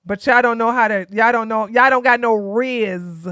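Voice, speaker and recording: A woman's voice: a little high, moderate pace, a bit bright, clear, resonant tone, no echo, clean studio sound. A tired woman from Georgia, hosting a casual political live stream and talking bluntly to her chat. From Georgia, USA. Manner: blunt, sassy, talks straight to chat.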